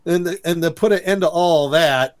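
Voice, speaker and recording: A man co-hosting a podcast, recapping a cartoon episode in a lively, storytelling way and laughing as he goes. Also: on the high side, moderate pace. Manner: animated storytelling, briefly imitates characters with laughs. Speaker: podcast co-host.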